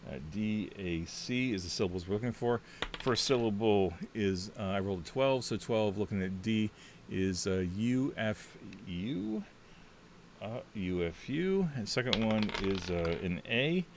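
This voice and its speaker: Low-voiced man rambling through a solo game. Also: lively intonation, unhurried, noisy background. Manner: rambling, chatty, thinks out loud with many fillers. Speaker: solo tabletop game player. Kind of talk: casual thinking-aloud game walkthrough.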